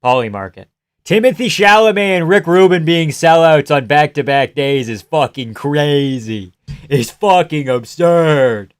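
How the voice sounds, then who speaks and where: A man's voice: fairly high pitch, expressive, a little slow, clear, resonant tone, no echo. A young man from Canada chatting casually on a livestream, reading the chat aloud, cursing a lot and making dry jokes. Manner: profane, sardonic, reads chat aloud. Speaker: livestream host.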